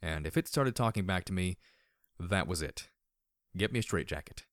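A man's voice: sits low, expressive, normal speed, fairly bright tone, no room sound. A man reading first-person fiction aloud as an audiobook narrator, reflective with a dry, sardonic edge.

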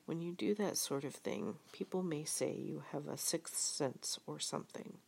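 A woman giving a soft-spoken reading of a storybook with reflective passages, often half-whispered. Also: sits low, moderate pace, creaky, few pauses, breathy edge. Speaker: reader.

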